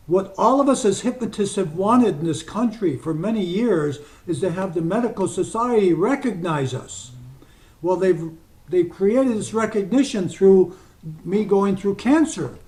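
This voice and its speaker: An older man from the United States, a hypnotist, telling personal stories to a group and slipping into slow, soft guided suggestions. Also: high-pitched. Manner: storytelling, slows to soft deliberate suggestions. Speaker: hypnotist speaker.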